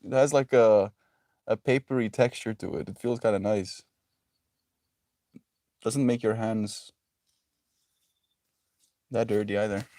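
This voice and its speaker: A man's voice: on the low side, fairly even intonation, unhurried, pauses often, mellow, dry recording, clean studio sound. A young man chatting casually on a live stream, reading chat messages aloud and laughing often in a joking way.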